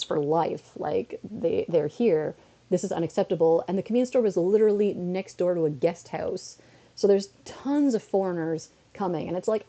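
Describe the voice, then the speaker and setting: A woman streamer from North America telling a story in a casual way, slipping into quoted voices as she goes, a bit under the weather. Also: fairly low pitch. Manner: animated storytelling with quick switches into quoted voices.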